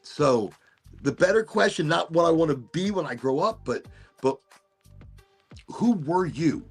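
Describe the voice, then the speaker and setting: A man's voice: fairly high pitch, expressive, unhurried, creaky, husky, faint music behind. A man hosting a podcast, musing aloud in a rambling, casual monologue and swearing now and then. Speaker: podcast host.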